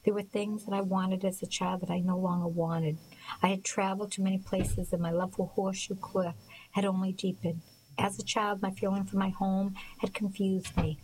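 A woman narrating a first-person audiobook in a soft, measured, reflective way. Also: fairly low pitch, slight background noise, low-quality recording.

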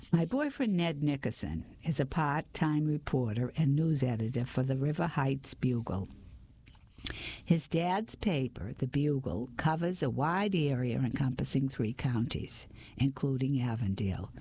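A reader narrating an audiobook in steady first-person storytelling. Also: medium pitch, a little slow, breathy edge. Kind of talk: audiobook reading.

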